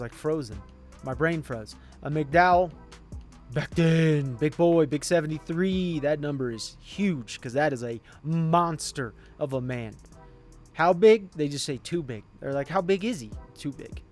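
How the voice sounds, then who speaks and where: A man commenting on a football video game, swinging from quiet mumbling to excited yelling. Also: fairly high pitch, unhurried, faint music behind. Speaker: gaming YouTuber.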